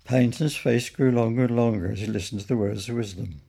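Older man reading a kids story, very gravelly, kinda husky. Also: medium pitch, quick pace, warm tone. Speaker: author reading his own story.

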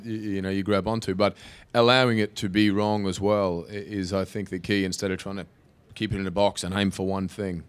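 A man's voice: lowish voice, clear, resonant tone. A man, an actor on a film panel, answering audience questions in a rambling, self-interrupting, amused way. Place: stage panel before an audience.

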